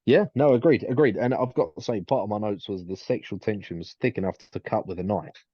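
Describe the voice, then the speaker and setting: Guy rambling on a chat show, low mellow voice, dry dull lo-fi sound. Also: brisk, breathy edge, no echo. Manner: rambling, repeats words, quotes in put-on asides. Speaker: podcast co-host. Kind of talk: casual chat.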